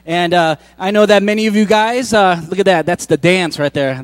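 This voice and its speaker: High-voiced man preaching a casual sermon. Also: moderate pace, dry recording. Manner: conversational, joking asides with frequent restarts. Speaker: pastor. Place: church.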